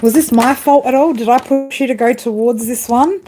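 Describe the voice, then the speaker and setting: A woman's voice: fairly high pitch, normal speed, noisy background. A woman doing a casual live tarot reading, chatty and full of swearing, calling her viewers girl and babe. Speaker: tarot reader.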